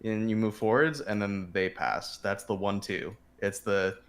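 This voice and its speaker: A man walks a player through game tactics over a shared screen. His voice sits on the lower side, and he explains patiently, dotting his talk with ums and quick restarts. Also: fairly even intonation, fairly bright tone. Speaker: game coach.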